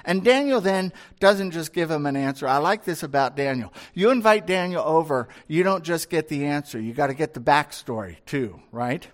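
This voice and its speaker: Speaking at a normal speed in an animated, somewhat high voice, a male pastor reads a scripture passage aloud. He then unpacks it in a conversational way, using rhetorical questions.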